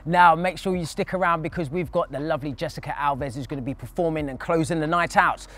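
A man's voice: fairly high pitch, noisy background. A man hosting a studio show, thanking the guest and signing off with enthusiastic patter. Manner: enthusiastic, quick sign-off patter. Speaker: show host.

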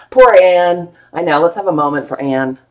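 A woman with a fairly low voice hosts a live online sale of old books. She chats playfully and gushes over the paper and maps. Her talk is loose and easygoing. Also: expressive, normal speed, dull audio. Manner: gushing, playful, chatty about old books. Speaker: host selling vintage books on a live stream. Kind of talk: casual live sale chat.

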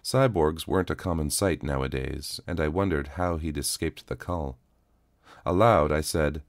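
Male audiobook narrator, strikingly low voice, dry close-mic sound, steady delivery. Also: measured pace, no echo. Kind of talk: first-person story reading.

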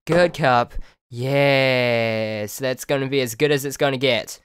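A man narrating his own gameplay in an exasperated running commentary, often begging the game objects to cooperate. His speech is slow and unhurried, with a smooth, clear tone. The sound is dry and close, with no room echo. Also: mid-range voice, fairly even intonation, fairly bright tone. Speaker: gaming video host. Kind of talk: let's play commentary.

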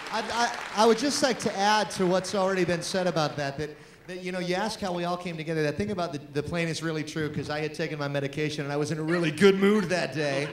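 A quick-talking man on a voice acting panel, earnest with joking asides. The sound is roomy, with a crowd faintly heard. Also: fairly high pitch, slight background noise. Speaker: voice actor panelist. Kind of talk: live convention panel talk. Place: convention panel room with an audience.

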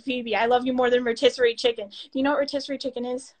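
A teenage girl chatting excitedly as a fan guest on a live stream, giddy and a little breathless. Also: high-pitched, racing. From United States. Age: teens. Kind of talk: excited casual chat.

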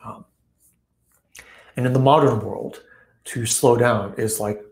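A man hosting an online live session, reflecting on a folk tale in a relaxed way, with many fillers and the odd laugh. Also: medium pitch, slow pace. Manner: relaxed, frequent fillers, acts out quoted voices with laughs. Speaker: host.

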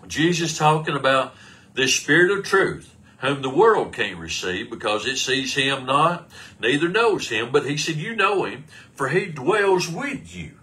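A man's voice: fairly high pitch, lively intonation, measured pace, sharp tone. A man preaching a sermon, firing rhetorical questions and answering them himself while quoting scripture.

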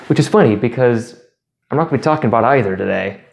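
A man's voice: mid-range voice, fast, vocal fry. Sarcastic male channel host. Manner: sarcastic, deadpan asides. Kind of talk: sarcastic commentary monologue.

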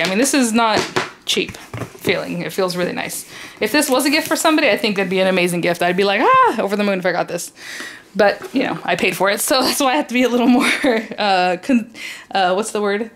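A woman's voice: medium pitch, slight background noise. Chatty woman rambling through an unboxing. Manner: chatty, rambling, enthusiastic with fillers. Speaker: crafting YouTuber. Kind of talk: casual unboxing chat.

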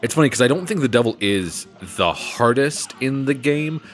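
A man's voice: medium pitch, lively intonation, normal speed, soft background music. A man giving casual gameplay commentary, swearing often and joking at his own expense. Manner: swearing, self-mocking jokes. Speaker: let's play commentator.

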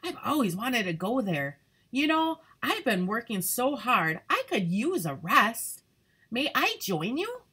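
A woman voicing a cheerful, friendly female sunflower in a storybook read-aloud, in a high, excited voice. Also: unhurried, slightly rough, full character voice. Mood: eager. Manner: bright, excited, high-pitched.

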